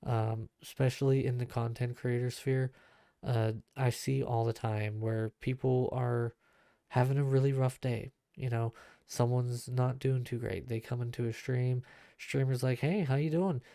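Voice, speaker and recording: An earnest young man talks bluntly on his own podcast, filling his sentences with restarts and asides. His voice is dark, smooth and mellow, recorded close and dry with no room sound. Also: medium pitch, level tone, measured pace, dry recording. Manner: earnest and blunt, grows heated with frequent fillers and restarts. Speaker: podcast host and streamer. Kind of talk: casual solo podcast talk.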